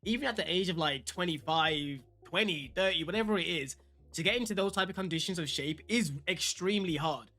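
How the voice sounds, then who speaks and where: His voice sits high, bright, and forceful as he talks a little fast, reacting to a fitness clip for his vlog. The man is chatty and full of opinions, speaking right to the people watching.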